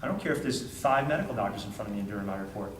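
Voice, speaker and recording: A man's voice: lowish voice, expressive, very fast, slight background noise. A man giving a training talk, telling a story emphatically and acting out the dialogue, repeating phrases for effect. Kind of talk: animated storytelling talk to a group. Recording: roomy sound from far off with faint ambience.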